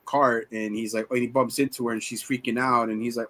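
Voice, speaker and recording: This man, in his forties, co-hosts a podcast's casual movie discussion, rambling, swearing and acting out scenes in quoted voices. His medium-pitched voice is level, brisk, pushed and bright.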